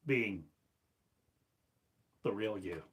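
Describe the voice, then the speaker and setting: A man preaching a sermon as a spiritual teacher, slow and declamatory, firing off one rhetorical question after another. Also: lowish voice, muffled recording. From United States.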